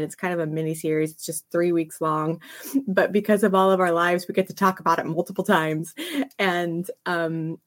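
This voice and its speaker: A middle-aged woman hosting a casual devotional livestream, chatty and enthusiastic, greeting viewers by name. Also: fairly low pitch. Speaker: ministry host of a live devotional.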